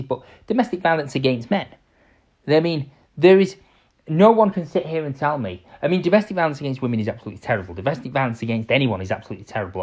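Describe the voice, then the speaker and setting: A man in his twenties hosting his own podcast, talking earnestly and directly, swinging between quiet asides and emphatic bursts. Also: mid-range voice. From England. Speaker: podcast host. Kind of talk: solo podcast talk. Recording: slightly dull lo-fi sound.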